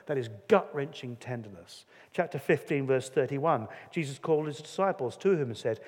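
A man's voice: medium pitch, moderate pace, hardly any pauses, darkish tone. A man preaching a sermon in an earnest, conversational way, acting out quotes as he goes. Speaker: pastor. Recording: long hall reverb.

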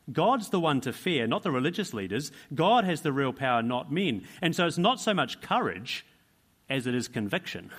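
Emphatic male preacher, mid pitch. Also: a bit bright. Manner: emphatic, asks rhetorical questions and repeats key phrases. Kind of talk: sermon.

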